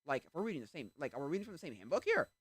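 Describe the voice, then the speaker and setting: Rapid-fire and fairly high-pitched, this man's slightly rough voice comes through with no room sound. He's streaming a game, chatting casually and rambling with plenty of energy, breaking off mid-thought whenever something happens in play.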